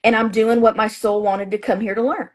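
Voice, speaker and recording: A woman's voice: a little high, steady tone, brisk. A woman astrologer and author being interviewed, talking in a chatty, emphatic way with plenty of fillers and restarts. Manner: acts out her own past thoughts in a raised voice. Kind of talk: casual interview talk.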